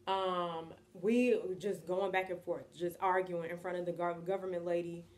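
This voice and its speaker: An American woman in her twenties telling a story in a casual, animated, slangy vlog style and acting out what people said. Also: on the low side, moderate pace, slight background noise. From United States. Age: 20s. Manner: animated, chatty, slangy, acts out quotes. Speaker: vlogger.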